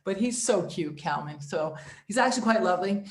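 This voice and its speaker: A middle-aged woman tells stand-up stories in a chatty, lively way. Her pitch sits in the middle, and she often slips into excited voices for her punchlines. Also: brisk, echoey room. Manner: chatty, animated storytelling. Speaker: stand-up comedian. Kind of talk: stand-up comedy set.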